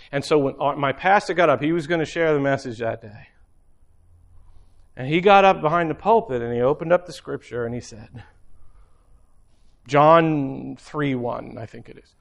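A man with a high voice preaches in a loose, storytelling way. He rambles conversationally and fills his talk with "you know" and "like." His delivery feels informal rather than formal or polished. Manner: conversational, rambling, frequent fillers.

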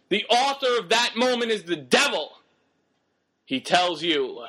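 A man's voice: high voice, sing-song, a little slow, pushed and bright. A man preaching a sermon in an emphatic, exhorting way, firing rhetorical questions at the congregation.

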